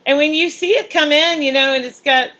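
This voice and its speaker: A woman co-hosting a casual livestream chat, easygoing and laughing softly. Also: high voice, fairly quick, dull audio. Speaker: co-host.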